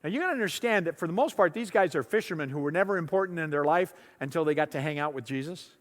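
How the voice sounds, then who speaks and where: A man's voice: fairly high pitch, expressive, quick pace, long reverb tail. A man preaching a sermon in a church on a lapel mic, talking conversationally, often repeating words and acting out voices from the story. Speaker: pastor. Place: church sanctuary.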